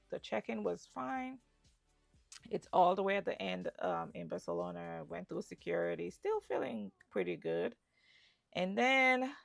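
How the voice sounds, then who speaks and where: Gravelly low-voiced woman vlogger. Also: no room sound. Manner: chatty, storytelling with asides. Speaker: travel vlogger. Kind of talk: casual travel vlog narration.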